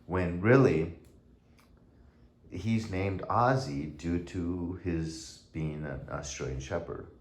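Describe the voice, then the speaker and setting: A man's voice: sits low, breathy edge. A middle-aged man casually reviewing gear in a vlog, rambling and drifting off on tangents.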